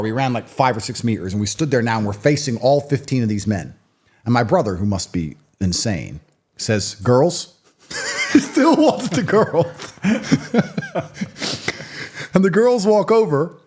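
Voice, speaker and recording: A man's voice: mid-range voice, a little mellow. A man in his thirties, a guest in a sit-down interview, telling stories and giving opinions in a blunt, provocative, emphatic way. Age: 30s. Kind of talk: conversational storytelling and opinion.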